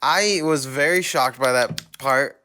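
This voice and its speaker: A man's voice: medium pitch, unhurried, sharp tone, a little hiss or hum. A man co-hosting a podcast, chatting casually about a film and laughing often as he talks. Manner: giggly, laughs often while talking. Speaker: podcast co-host. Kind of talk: casual film review chat.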